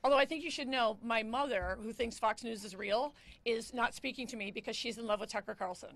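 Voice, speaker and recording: A woman's voice: fairly high pitch, fairly quick, a bit bright. A woman in her fifties, a comedian giving a press conference statement, joking and mocking herself with a nervous edge. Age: 50s.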